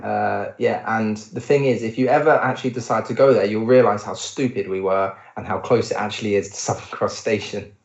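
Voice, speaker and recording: A man's voice: fairly low pitch, fairly quick, vocal fry, hardly any pauses, reverberant, highs cut off. Man chatting on a podcast. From England. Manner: laughing, animated storytelling. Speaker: podcast co-host. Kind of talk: casual travel chat.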